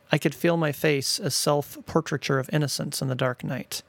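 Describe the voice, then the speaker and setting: A middle-aged father reads his own stories aloud with a wry, playful touch. His voice is fairly high for a man with a gravelly edge, captured close and dry with no room around it. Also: fairly even intonation, moderate pace, dry recording. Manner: wry, gently playful narration. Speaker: storyteller, father.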